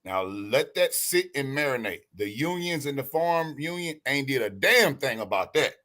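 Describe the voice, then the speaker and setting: A man joins the show on a call, chatting loosely and often restarting his phrases. His voice is bright, with a forceful edge. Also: medium pitch, expressive, normal speed. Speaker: guest on call. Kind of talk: casual chat.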